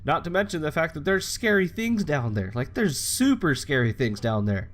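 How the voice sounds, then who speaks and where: A man's voice: a little high, sing-song, normal speed. A young man giving casual, rambling commentary while playing a game, chatting freely and swearing now and then. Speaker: gaming channel host.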